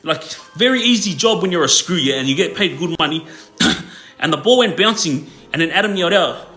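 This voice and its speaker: A man's voice: a little high, lively intonation, a little fast, sharp tone. A man and former inmate telling prison stories to livestream viewers in a loose, laid-back way, with lots of fillers and tag questions. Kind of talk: casual storytelling to viewers.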